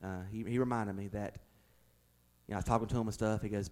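A man's voice: on the low side, fast. A man, a pastor preaching a conversational sermon that builds to emphatic, raised passages.

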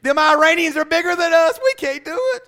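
Man doing a crying soldier, high whiny voice, blubbering, mocking. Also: flat delivery, brisk, sharp tone. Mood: whining. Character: grown man soldier sobbing and whining in fear.

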